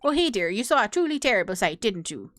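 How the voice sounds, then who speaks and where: A woman voicing a doddering old male judge in a game, gentle and rambling. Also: mid-range voice, big pitch swings, quick pace. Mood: mild.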